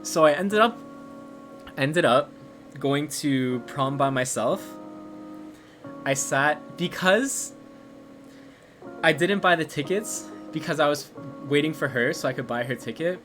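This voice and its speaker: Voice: mid-range voice, slow, long pauses, soft background music. Young streamer telling a story animatedly. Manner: animated, swears, lots of "like" fillers, laughs at own story. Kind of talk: casual storytelling. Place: at home, crafting a bow.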